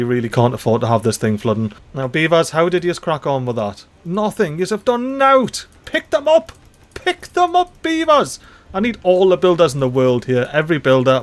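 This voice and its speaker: A man giving casual gameplay commentary, excitable and chatty, talking to the game's characters and swearing mildly in dialect slang. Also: mid-range voice. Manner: excitable, talks to the game characters. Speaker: let's play host.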